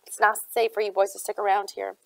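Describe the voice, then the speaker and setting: Gruff old one-eyed barman, grumbling and blustery, read by a woman with a gravelly edge, dry close sound. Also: mid-range voice, flat delivery, a little fast, no room sound, natural voice.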